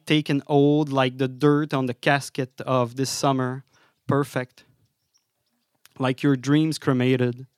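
A man's voice: medium pitch, clean tone, no echo, clean studio sound. A man with a French Canadian accent performing spoken word poetry on a live stage, with a wry, apologetic, rhythmic delivery.

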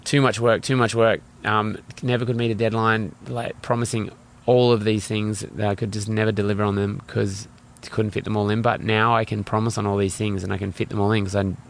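A man's voice: on the low side, little pitch movement, brisk, creaky, hardly any pauses. A young man speaking candidly as an interview guest, rambling and full of fillers. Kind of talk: casual interview talk.

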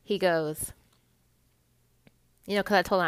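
A young woman telling a story to her viewers in a casual, animated rant, swearing freely as she gets heated. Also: on the low side, measured pace, clear, resonant tone, dry recording. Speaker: vlogger.

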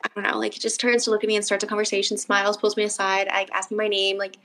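A young woman co-hosting a podcast, chatting casually and acting out stories with lively quoted voices. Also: quick pace. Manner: animated storytelling, acting out quotes with big pitch jumps. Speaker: podcast co-host. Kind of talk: casual chat.

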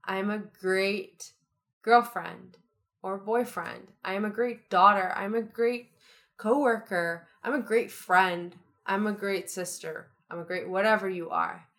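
A woman's voice: mid-range voice, a little slow, a bit bright. A young woman co-hosting a podcast, talking in an upbeat, chatty, motivational way. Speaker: podcast co-host. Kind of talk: casual chat.

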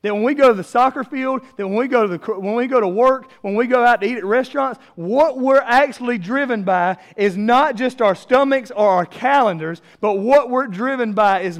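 A man's voice: very high voice, moderate pace. A man in his thirties preaching a sermon as a pastor, conversational and self-deprecating, building to emphatic peaks.

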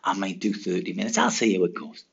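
A diligent schoolboy coaching himself through his homework, as a man puts him on in his own low, gravelly voice. He speaks plainly and matter-of-factly, like he is talking to himself. The sound is dull and lo-fi. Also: steady tone, fast, exaggerated voice. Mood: self-coaching. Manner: self-talk, matter-of-fact.

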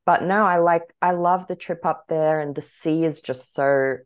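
Young woman, podcast co-host: low pitch, bubbly, laughing, loose chatty delivery. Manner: bubbly, laughs often, talks in quick bursts with many fillers. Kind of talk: casual chat.

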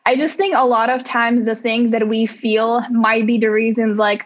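A woman guest on a casual podcast interview, telling her business story in an animated way and acting out her own past thoughts. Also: fairly high pitch, normal speed, muffled recording.

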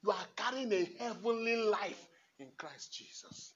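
A man preaching a homily as a priest in church. He repeats phrases emphatically and swings from hushed asides to shouts, laughing often. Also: high-pitched, animated, measured pace. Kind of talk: impassioned homily. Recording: dull lo-fi recording.

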